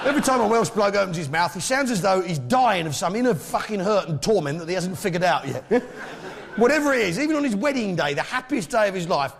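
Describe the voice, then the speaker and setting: A man's voice: high voice, vocal fry. A man with a British accent doing boastful, swearing stand-up comedy, recorded live on stage. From Britain. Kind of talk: stand-up comedy as a pompous publican. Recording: live stage show with loud audience.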